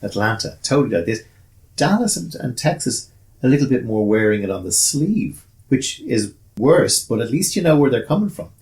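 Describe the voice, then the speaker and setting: A man's voice: mid-range voice, big pitch swings, normal speed, darkish tone. An older Irish man talking in a casual chat as a guest, rambling with restarts and repeated words. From Ireland.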